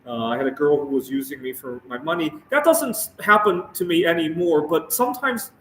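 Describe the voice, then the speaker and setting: A young man rants on his own show with a slightly high voice. He stammers, repeats himself and keeps checking in with "right?". He sounds set back from the mic in a bare, echoey room with a faint hum behind him. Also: a bit bright, distant mic. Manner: halting, repeats words, asks "right?" often. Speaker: show host. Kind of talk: casual rant to camera. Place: Phoenix area, United States.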